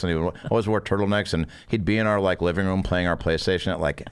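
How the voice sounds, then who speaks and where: A man who is a comedian guest on a podcast, telling stories in a profane, animated way. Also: deep voice, fast talker, smooth. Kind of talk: casual podcast storytelling.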